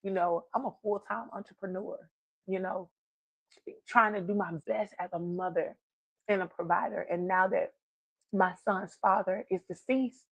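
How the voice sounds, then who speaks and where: A woman's voice: medium pitch, fairly even intonation, a little slow, fairly bright tone, no room sound, highs cut off. Earnest woman telling her story. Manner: earnest, encouraging, storytelling with emotional emphasis. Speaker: guest speaker. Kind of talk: personal testimony to an audience.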